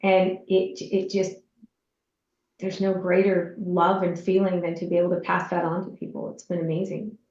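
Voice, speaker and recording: A woman's voice: on the low side, level tone, moderate pace, darkish tone, echoey room, muffled recording. A woman speaking as an entrepreneur guest in an interview, heartfelt and repeating her phrases.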